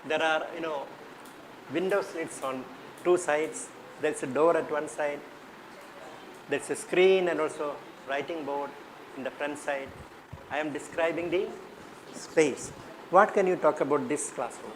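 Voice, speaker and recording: A man's voice: a little high, a little slow, long pauses, a little hiss or hum, low-quality recording. A man with an Indian English accent leading a teacher workshop, questioning the class and repeating his points. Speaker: teacher trainer.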